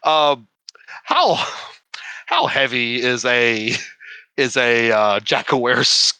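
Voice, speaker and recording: A man playing a tabletop game, describing his character's moves in an unhurried way and laughing often. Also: mid-range voice, sing-song, bright, forceful tone, smooth, dry recording. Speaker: player. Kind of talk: tabletop role-play chat.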